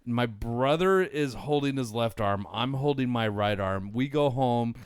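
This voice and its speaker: In an unhurried, medium-pitched voice that's clear and resonant, a forties-aged podcast co-host shares a rambling, profane, animated anecdote with friends. It's casual storytelling, recorded on a close mic.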